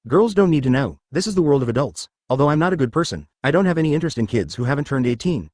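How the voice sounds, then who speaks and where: A man's voice: on the high side, very animated, rapid-fire, darkish tone, no echo, clean studio sound. A man reading the lines of a brash, boastful newcomer who tells crude jokes in a group chat.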